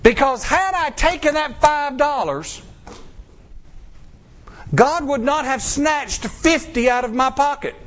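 A middle-aged male pastor, preaching a sermon, acting out quotes and slowing down for emphasis. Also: extremely high pitch. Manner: animated preaching with acted-out quotes and drawn-out pauses.

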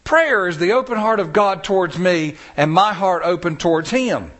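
A male preacher delivering a sermon, stressing words slowly and telling stories to the congregation. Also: high-pitched, fairly bright tone. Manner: emphatic, drawn-out stresses, storytelling.

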